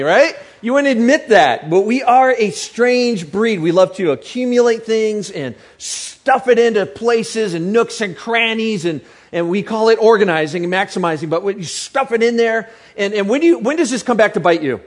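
A man's voice: high-pitched, lively intonation, moderate pace. A man preaching a sermon to a live audience in a chatty, joking way, often asking the crowd questions.

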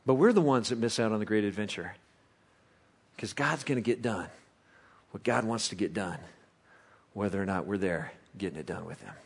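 A man preaching a sermon as pastor, telling a story with loud excited bursts that drop to quiet reflection. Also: fairly low pitch, moderate pace, gravelly, long pauses, breathy edge. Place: church service.

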